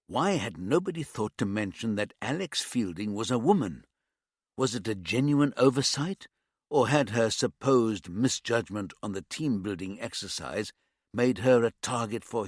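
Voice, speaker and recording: A man reading a crime novel as audiobook narrator, in an even, measured storytelling manner. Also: mid-range voice, no room sound, studio quality.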